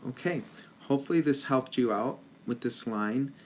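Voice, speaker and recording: A man's voice: mid-range voice, normal speed, slight background noise. A man teaching a rhythm lesson as a band director, patiently counting rhythms aloud in ta syllables.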